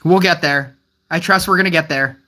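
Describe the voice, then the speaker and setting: A mobile game streamer chatting live with viewers, rambling and puzzled, with many restarts and gentle teasing of the chat. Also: medium pitch, a little fast.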